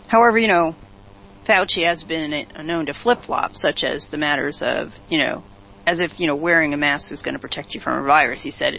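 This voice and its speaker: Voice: mid-range voice, animated, normal speed, vocal fry, slightly rough. A talk show host giving opinionated commentary, reading out news quotes and turning to a co-host with rhetorical questions. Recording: dull lo-fi recording.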